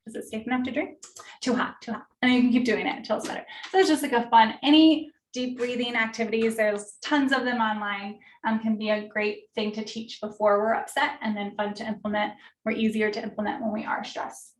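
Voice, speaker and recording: A woman leads a parent workshop in a casual, friendly teaching voice with plenty of fillers. Her voice sits a little high. The recording is roomy and distant, as if picked up across a meeting room. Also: fairly even intonation, a little fast. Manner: friendly, conversational, many fillers. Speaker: occupational therapist leading a parent workshop. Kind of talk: informal teaching talk. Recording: roomy echo, distant mic.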